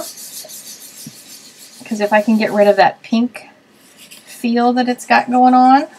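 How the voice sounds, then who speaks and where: A woman's voice: mid-range voice, slight background noise, rough recording. A woman hosting a card-making web show, chatting casually and thinking aloud as she works on a live stream.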